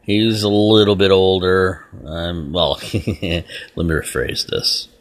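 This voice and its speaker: A man's voice: low voice, steady tone, takes it slowly, no room sound. A man hosting his own podcast, ranting bluntly and rambling in an exasperated, casual way. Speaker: podcast host. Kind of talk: solo casual rant.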